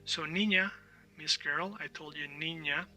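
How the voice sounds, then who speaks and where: A man's voice: on the high side, measured pace, pushed and bright, distant mic, soft background music. A man teaching a language lesson, explaining patiently, repeating words for drills and often checking in with "all right?".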